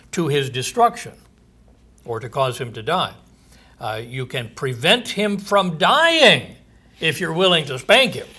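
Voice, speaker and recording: A man's voice: medium pitch, pushed and bright. A man preaching a sermon, reading Bible verses aloud and explaining them conversationally. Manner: reads scripture aloud, then explains it conversationally.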